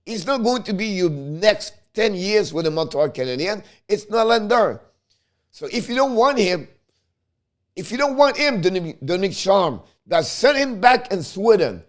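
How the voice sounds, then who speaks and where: Frustrated hockey commentator with tinged English. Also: male voice, high voice, sing-song, moderate pace. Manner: heated, frustrated, repetitive, broken English phrasing. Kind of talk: ranting fan commentary.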